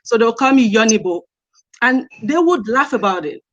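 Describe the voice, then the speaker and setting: A woman's voice: fairly high pitch, expressive, normal speed, highs cut off. A woman, a guest speaker telling personal stories in an interview, earnest and emphatic, repeating her key points. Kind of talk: personal storytelling in a live-stream interview.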